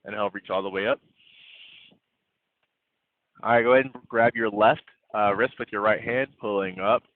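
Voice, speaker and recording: A man leading an online yoga class, gently cueing breaths and poses in a playful way. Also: on the low side, steady tone, normal speed, dry recording. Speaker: yoga instructor. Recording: tinny phone-like audio, dry.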